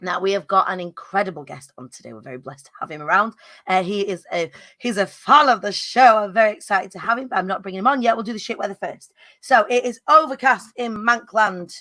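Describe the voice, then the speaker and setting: A woman hosts a chatty live-stream, greeting viewers by name with a cheeky, bouncy manner. Her voice is hoarse and husky this morning, yet it still sounds bright and forceful, and the recording is dry and close. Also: mid-range voice, fairly quick, no room sound. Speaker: host. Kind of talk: upbeat live-stream chat.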